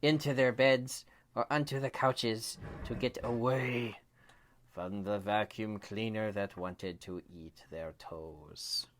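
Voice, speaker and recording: A man telling his children a bedtime story, dropping to a hush and jumping up into shrieks. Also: on the low side, fairly even intonation, slight background noise. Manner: slow, hushed, then shrieking kid voices. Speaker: storyteller dad.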